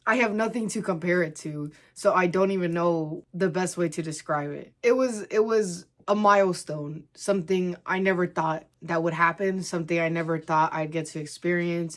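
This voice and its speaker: A young woman vlogging from home, talking casually and emotionally to the camera, teary at times, with many "like" fillers. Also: lowish voice. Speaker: crochet vlogger.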